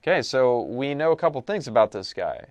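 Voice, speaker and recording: In a relaxed lesson recap, a man reads passages and asks rhetorical questions before answering them, keeping it conversational. His voice is medium-pitched and a little mellow, with big pitch swings and a slightly fast pace, and there's no room sound.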